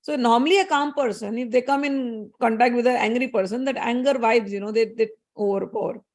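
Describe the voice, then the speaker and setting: Female spiritual teacher, storytelling discourse, conversational and explanatory, slightly high voice. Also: a little fast, a little mellow. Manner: conversational, explanatory, with fillers and asides.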